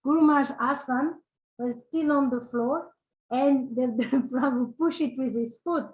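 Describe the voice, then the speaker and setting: A woman sharing personal memories in casual, halting speech, searching for words with many fillers and little laughs. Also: high voice, darkish tone, rough recording. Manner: laughs between phrases. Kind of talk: casual spoken reminiscence.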